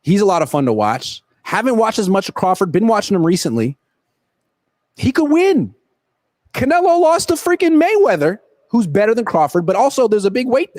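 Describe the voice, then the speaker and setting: Animated joking man on a livestream. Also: high-pitched, brisk, no echo. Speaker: sports reporter and host. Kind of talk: casual livestream chat answering viewer questions. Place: at a football stadium. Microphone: laptop built-in camera mic.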